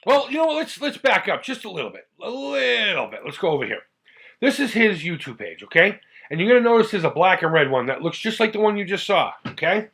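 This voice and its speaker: A middle-aged man from the United States hosts his retro gaming channel in a casual vlog. His voice sits a little high for a man. He talks in a chatty, heartfelt way, rambling and restarting his sentences. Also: sing-song, fast, a bit bright, husky.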